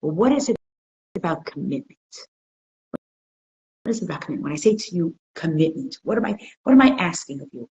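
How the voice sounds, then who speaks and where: A woman's voice: fairly low pitch, a little hiss or hum, poor audio. A woman teaching an interactive religious class, telling stories and asking her listeners questions. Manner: animated storyteller, asks the class questions. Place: community centre classroom.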